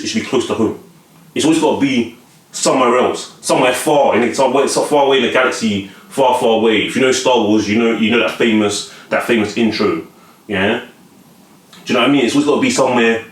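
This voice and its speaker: A man giving casual advice straight to camera, repeating and restarting words and often asking whether the listener follows him. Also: mid-range voice. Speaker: vlogger giving life advice. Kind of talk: casual motivational monologue to camera. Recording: echoey room.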